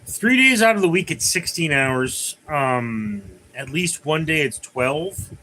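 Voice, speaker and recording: A man's voice: on the high side, animated, takes it slowly, pushed and bright, a little hiss or hum, poor audio. A man hosting a casual livestream, rambling through viewer comments and telling jokes. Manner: rambling, many fillers and restarts, tells jokes. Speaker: livestream host.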